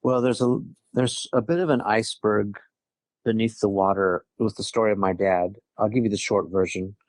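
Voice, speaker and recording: A man with a lowish voice tells his own story as a podcast guest, chatty and open. He acts out bits of past conversations and lets small laughs slip in. The sound is close and dry, with no room around it. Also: normal speed, darkish tone, no room sound. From Southern California. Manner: chatty, quotes others, frequent light laughs. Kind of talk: casual interview storytelling.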